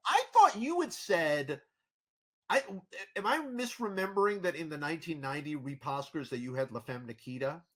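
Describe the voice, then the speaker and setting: Animated, slightly husky male host. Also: on the high side, moderate pace. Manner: animated, rambling with many restarts. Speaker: podcast host. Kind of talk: casual chat.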